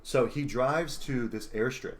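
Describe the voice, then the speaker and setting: A man's voice: medium pitch, measured pace. Rambling young man retelling a movie. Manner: rambling, filler-heavy retelling of a film scene. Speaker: podcast co-host. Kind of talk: casual chat.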